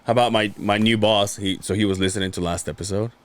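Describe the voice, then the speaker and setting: A man's voice: fairly low pitch, fairly even intonation, fast. A man co-hosting a podcast, telling loose, profane stories and mimicking the people in them. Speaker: podcast co-host. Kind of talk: casual chat.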